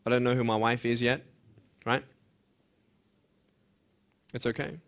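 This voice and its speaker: A young adult man giving an earnest, emphatic motivational speech to students, moving between hushed and loud passages. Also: medium pitch, fairly even intonation, measured pace, creaky. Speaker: motivational speaker.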